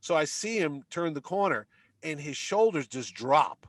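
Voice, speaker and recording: A middle-aged man from Connecticut spins a casual story as a podcast guest, slipping into the voices of the people he describes. His voice sits a little higher than most men's. The recording is close and dry, with no room sound. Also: measured pace, dry recording. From Connecticut, United States. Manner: animated anecdote-teller who acts out the other people in his stories.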